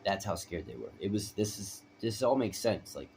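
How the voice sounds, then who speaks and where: A man with a deep, low voice tells his own story in a loose, rambling way. He presses his points hard and keeps checking in with "right?" A light background noise runs under the recording. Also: big pitch swings, normal speed, vocal fry, darkish tone. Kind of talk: personal storytelling.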